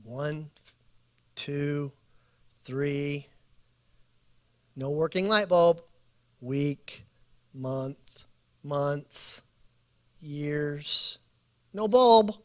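A man preaching at a bible study, telling stories with acted quotes and building slow emphatic lists. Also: fairly high pitch. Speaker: pastor.

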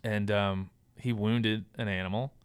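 A man with a lowish, clear, smooth voice talks as a podcast guest, working through his thoughts with plenty of ums and restarts. The sound is close and dry, with no room echo. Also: fairly even intonation, unhurried. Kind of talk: casual conversational advice.

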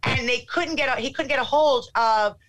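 A middle-aged woman telling a casual anecdote in an animated way, acting out what people said. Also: high voice, normal speed, rough recording. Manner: animated, acts out quotes.

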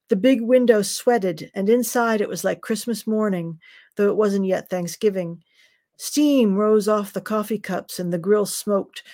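Mellow-voiced woman reading her novel. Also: medium pitch. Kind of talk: reading her own fiction aloud.

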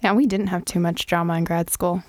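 A woman's voice: lowish voice, steady tone, fairly quick, a little mellow, dry recording, studio quality. A young woman co-hosting a casual podcast chat, talkative and teasing, laughing easily. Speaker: podcast co-host.

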